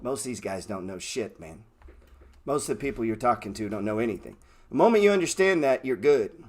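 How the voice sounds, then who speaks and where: A man's voice: mid-range voice, lively intonation, a little fast, darkish tone. A man hosting a trading channel, giving a blunt, profane motivational rant and mocking the people he talks about. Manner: profane, brash and mocking, mimics excuse-makers. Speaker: stock trading channel host.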